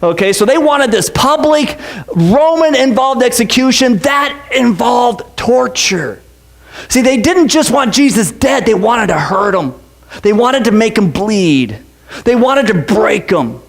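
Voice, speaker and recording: A man's voice: extremely high pitch, very animated, measured pace. A man preaching a casual, joking sermon as pastor, with many asides and restarts. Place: church.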